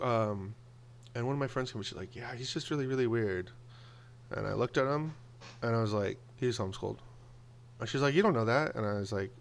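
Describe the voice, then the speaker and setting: Gravelly man telling casual stories. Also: mid-range voice, a little hiss or hum. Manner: animated, acts out quoted voices. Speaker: video blogger. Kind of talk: casual storytelling monologue.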